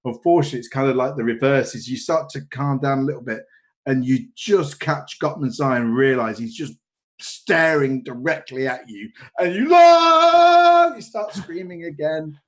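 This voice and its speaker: Man, game master, medium pitch, hesitant narration, horror tabletop game. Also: normal speed. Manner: hesitant, lots of "kind of" and restarts.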